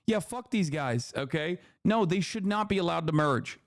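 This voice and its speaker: A fairly high-voiced man from the United States rants about politics on his live stream, swearing freely and mocking people with quick impressions. His voice is recorded dry and close to the mic, with no room sound. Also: animated, dry recording. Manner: profane, sarcastic, mocking impressions. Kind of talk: live-stream reaction commentary.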